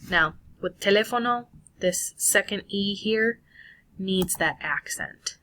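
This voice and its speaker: A woman's voice: medium pitch, takes it slowly, pushed and bright. A woman walking through a Spanish lesson on screen in a casual, self-correcting way. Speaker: Spanish teacher. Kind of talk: screen-recorded lesson walkthrough.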